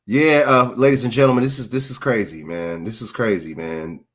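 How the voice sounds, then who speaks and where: A man's voice: on the low side, normal speed, slightly rough. Guy ranting on his stream, cussing a lot, stumbles and restarts, answers chat. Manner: blunt, profane, repeats himself, talks back to chat. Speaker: streamer host reacting to clips. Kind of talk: casual opinionated commentary.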